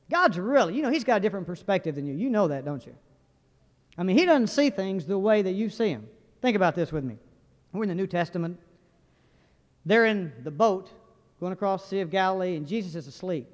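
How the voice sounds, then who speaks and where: A man preaches a sermon in a folksy, humorous style, firing questions at the congregation. His high-pitched voice is very animated and a little fast, and the dull recording carries long hall reverb.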